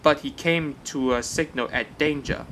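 A man's voice: a little high, normal speed, fairly bright tone, slight background noise, low-quality recording. A man reading a children's railway story aloud as the narrator.

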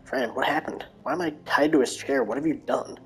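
A woman's voice: a bass voice, a little fast, breathy edge, full character voice, rough recording. A woman doing a dazed, irritable male doctor. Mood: bewildered. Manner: bewildered, irritable.

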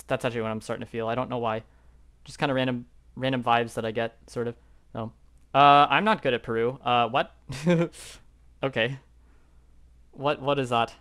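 A man's voice: medium pitch, fairly bright tone, smooth. Young man thinking aloud over a game. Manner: rambling, self-doubting, thinking aloud with many fillers. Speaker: YouTuber playing a geography guessing game. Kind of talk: live gameplay commentary.

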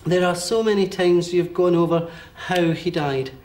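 A man working as a medium, giving a one-to-one reading in halting bursts with frequent checks like "okay?". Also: sits high, darkish tone. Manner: hesitant, relays messages in bursts with many okays.

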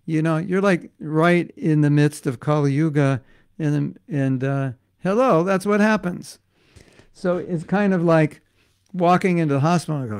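A middle-aged man teaches a devotional class in a loose, joking, conversational manner. His voice sits a bit high for a man and carries a steady gravelly fry. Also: normal speed. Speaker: spiritual teacher.

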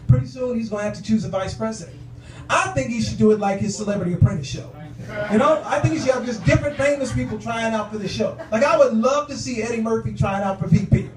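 A male stand-up comedian doing his set on a club stage, talking in a conversational, punchy way. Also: very high voice. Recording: echoey club from far off.

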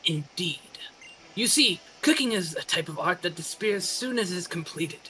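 A let's-play gamer voicing a posh, refined trainer who speaks like an artistic chef, slow and affected. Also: mid-range voice, lively intonation, pushed and bright, a little hiss or hum, rough recording. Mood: haughty.

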